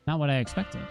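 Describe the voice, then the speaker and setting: Slightly high and mellow, this man's voice has its upper frequencies cut off. He's streaming a video game, chatting casually and telling stories in a chatty way, acting out the quotes as he goes.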